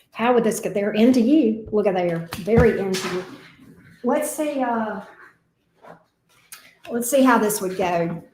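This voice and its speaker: A woman's voice: medium pitch, a little mellow, echoey room, slight background noise. A woman giving a casual, emotional tarot reading. She talks expressively and swears now and then. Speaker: tarot reader.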